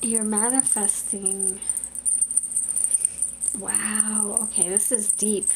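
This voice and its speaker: A woman giving a pick-a-card tarot reading in an expressive, chatty way, talking aloud to Spirit as she goes. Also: medium pitch, drawn-out words, slight background noise, low-quality recording. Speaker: tarot reader.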